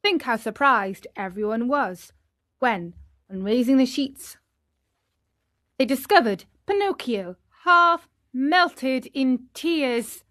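A woman reading a children's story aloud in a gentle, unhurried way. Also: a little high, animated, no room sound, studio quality. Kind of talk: scripted storybook narration.

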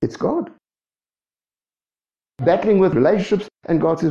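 A man preaching a sermon, asking the congregation rhetorical questions in a lively way. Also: sits high, normal speed, vocal fry, long pauses. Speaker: pastor. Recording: echoey dull room sound.

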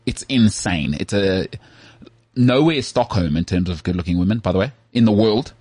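Podcast co-host from South Africa, male, low husky voice, animated storyteller. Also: normal speed, no echo. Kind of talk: casual chat. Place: Cape Town.

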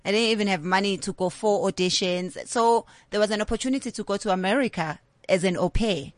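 A woman's voice: mid-range voice, brisk, no echo. Candid South African woman telling her story. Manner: candid, storytelling, slips in Zulu words. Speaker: guest. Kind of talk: casual interview chat.

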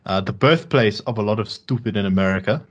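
A man co-hosting a podcast, chatting casually with halting restarts and dry sarcasm. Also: fairly low pitch, breathy edge, dull audio. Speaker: podcast co-host. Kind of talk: casual political chat.

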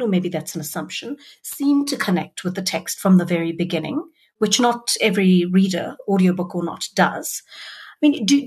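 Husky woman asking thoughtful questions. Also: medium pitch, darkish tone. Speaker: interviewer from the publisher. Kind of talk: interview questions.

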